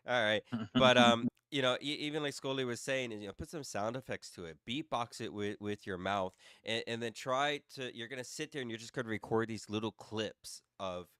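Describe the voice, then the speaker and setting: A man's voice: medium pitch, fairly quick, hardly any pauses, a bit bright, smooth, dry recording, clean studio sound. A man hosting a casual panel chat, teasing his co-hosts and often restarting his words. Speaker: podcast host.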